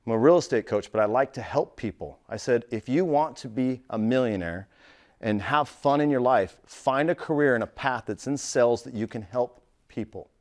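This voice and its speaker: This middle-aged man coaches on real estate in a relaxed, motivational style, swapping stories, swearing, and dropping "dude." His tone moves from hushed and confiding to loud and fired up, at a moderate pace.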